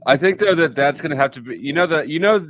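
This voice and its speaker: A man's voice: fairly high pitch, lively intonation, fast, fairly bright tone, no room sound. Crude, joking man hosting a stream. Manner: crude, laughing, joking banter. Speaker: stream host. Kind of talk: casual group chat on a live stream. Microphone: online voice call.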